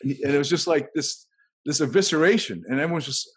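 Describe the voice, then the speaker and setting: A man's voice: a little high, fast, husky. A man hosting a casual podcast conversation, rambling and thinking aloud as he tells anecdotes.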